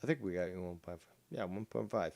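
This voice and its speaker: A man's voice: deep voice, fast, creaky, darkish tone, dry recording, soft background music. A man hosting a livestream, talking combatively and reading chat messages aloud, swearing freely. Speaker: streamer host.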